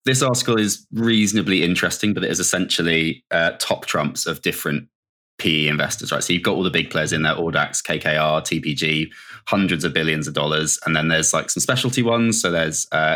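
A man's voice: low voice, bright, forceful tone. A man from the UK co-hosting a podcast in casual chat, with a nasal voice and an opinionated, wry way of talking. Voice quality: self-described nasal voice. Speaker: podcast co-host.

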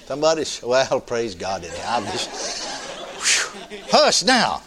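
An older man preaching a sermon in a folksy, animated way, often laughing with his congregation. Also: mid-range voice, unhurried, a faint crowd.

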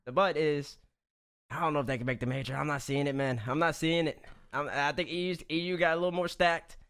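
Fast, smooth-voiced man rambling. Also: on the high side, steady tone, fairly bright tone. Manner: rambling, repeats himself. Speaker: panel guest. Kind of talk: casual panel chat.

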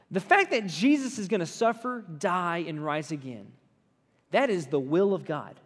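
A man preaching a conversational sermon to a group, lively and often checking in with his listeners. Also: high-pitched. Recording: long hall reverb.

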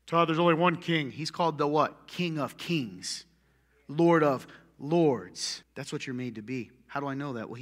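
Punchy pastor in an echoey hall. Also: male voice, medium pitch. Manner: punchy, joking, swings from loud to muttered asides. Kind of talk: sermon. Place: church hall with long reverb.

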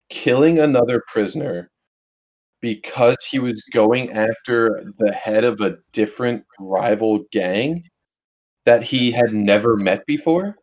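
A man's voice: mid-range voice, darkish tone. A man co-hosting a casual film chat, ranting in an exasperated, profane way.

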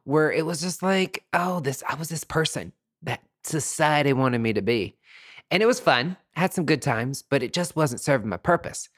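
A man's voice: on the high side, expressive, normal speed, fairly bright tone. Campy, chatty man telling stories. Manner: campy, chatty, profane, calls listeners sweetie. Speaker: podcast host. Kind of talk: casual storytelling monologue.

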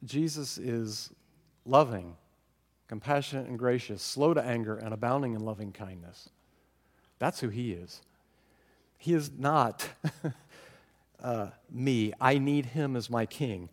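A man preaching a sermon as pastor, animated and self-mocking, laughing often as he talks. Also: medium pitch, a little slow, long pauses, in a large hall.

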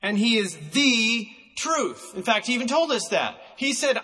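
Man, preacher, sermon, unhurried, emphatic, reverberant church hall. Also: very high-pitched, big pitch swings, pushed and bright. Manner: emphatic, slows down to stress words.

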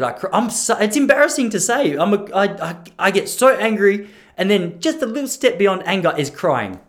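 Animated, chatty man in his thirties. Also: sits high. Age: 30s. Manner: chatty, self-mocking, laughs at own jokes. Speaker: podcast host. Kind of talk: casual rambling monologue.

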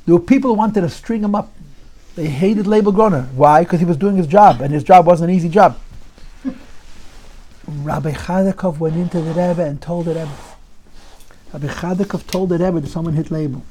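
A man telling a Chassidic story to an audience in an animated, repetitive storytelling manner. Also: fairly high pitch, normal speed, pauses often. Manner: animated storyteller, repeats phrases, drops into Yiddish.

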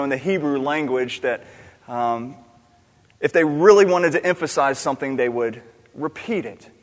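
A man preaching a sermon in an earnest, questioning way, repeating key words for emphasis. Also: a little high. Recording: long reverb of a large hall.

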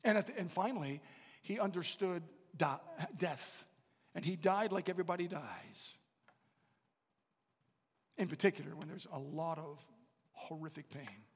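A high-pitched man preaches a sermon in a church hall, and his words trail off into a long reverb. He moves between quiet, intimate passages and loud, rising calls, and he repeats phrases to drive them home. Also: expressive, normal speed, pauses often, husky. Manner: swings from hushed to loud preaching. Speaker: pastor.

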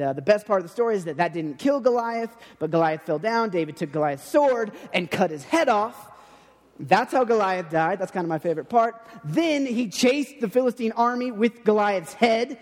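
High-voiced chatty man preaching in a hall. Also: animated, normal speed. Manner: chatty, repeats words and restarts, acts out quoted speech. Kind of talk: casual sermon.

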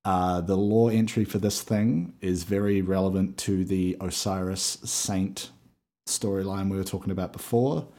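A man's voice: sits low, fairly even intonation, normal speed, mellow. A man co-hosting a podcast over a video call, chatting casually, swearing freely and laughing often. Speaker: podcast co-host.

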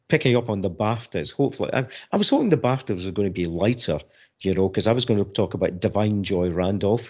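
A middle-aged man in a casual discussion, talking in an animated, digressive way with frequent restarts, on muffled lo-fi audio. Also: deep voice.

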